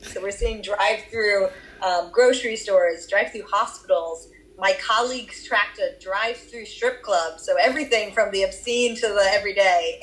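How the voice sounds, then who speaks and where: A woman's voice: mid-range voice, a bit bright, low-quality recording. A woman with a Boston accent answering interview questions about her research, explaining at length with occasional fillers. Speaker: research guest.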